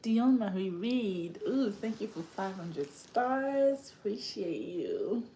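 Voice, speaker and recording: A woman's voice: medium pitch, sing-song, slow, dark tone, echoey room, slight background noise. Laughing woman with an African accent. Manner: laughs often and acts out quoted voices. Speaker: livestream host. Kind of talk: casual livestream chat.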